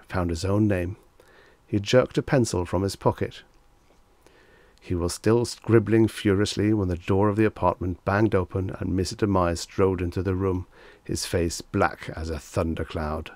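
A man narrating a vintage short story audiobook in a lively, expressive storytelling manner. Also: low-pitched, no echo.

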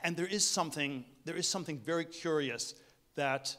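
A man giving a conference keynote speech, talking in a halting way with many restarts and fillers. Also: on the high side, sharp tone. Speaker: keynote speaker. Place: hotel conference room.

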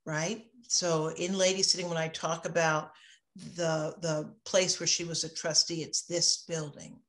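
Author, woman in her 60s, lower voice, reflective but impassioned, measured slow delivery. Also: flat delivery. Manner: impassioned, reflective, shifting between emphatic and hushed. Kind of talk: interview conversation.

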